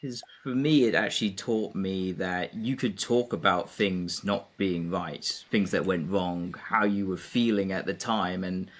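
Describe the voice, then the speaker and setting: A man's voice: low-pitched, a little slow, few pauses. A man from England, a guest in a casual conversation, speaking reflectively with frequent fillers. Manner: reflective, many fillers and hesitations.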